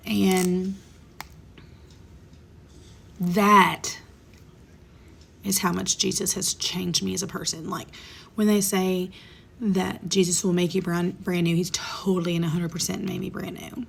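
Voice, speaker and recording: A woman's voice: on the low side, level tone, unhurried, vocal fry, long pauses, a little hiss or hum. A woman in her thirties telling a personal story in a candid, emotional way, sometimes dropping to a whisper. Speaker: vlogger. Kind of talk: casual storytime monologue.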